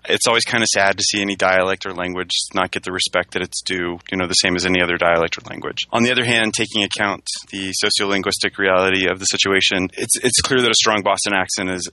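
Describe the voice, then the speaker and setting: Co-host, man, low pitch, dry close recording, deadpan teasing. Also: no echo, rough recording. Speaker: podcast co-host. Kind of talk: comedic podcast banter.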